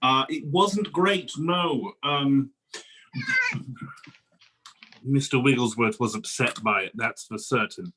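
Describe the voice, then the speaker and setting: A man's voice: mid-range voice, wildly swooping pitch, slow pace, pauses often, bright, forceful tone, husky, full character voice, poor audio. A man in an improv comedy scene playing a hesitant, politely fussy male casting director. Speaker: improv performer.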